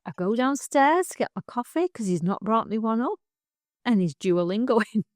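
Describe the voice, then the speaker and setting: A middle-aged woman, co-hosting a casual chat, animated and quick to laugh. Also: on the high side, no echo, studio quality. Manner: chatty, laughs often, animated storytelling. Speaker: podcast co-host.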